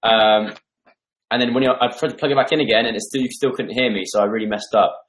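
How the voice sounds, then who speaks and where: A man's voice: on the low side, steady tone, quick pace, echoey room. Chatty man live-streaming from home. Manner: chatty, rambling, reading out viewer comments. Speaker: livestream host. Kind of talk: casual live stream chat. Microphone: desktop microphone.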